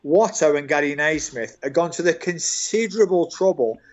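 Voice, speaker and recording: A man's voice: on the high side, a little fast. An older man with a Birmingham accent, a guest telling football dressing-room anecdotes with chuckles and lots of "mate". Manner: animated storyteller, chuckles through tales, calls people mate. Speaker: guest, former club staff. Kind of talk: anecdotal interview storytelling. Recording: dull lo-fi call audio.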